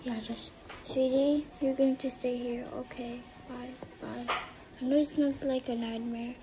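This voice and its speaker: A woman acting out a family pretend play, moving between soft whispers and excited high calls. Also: unhurried, background noise.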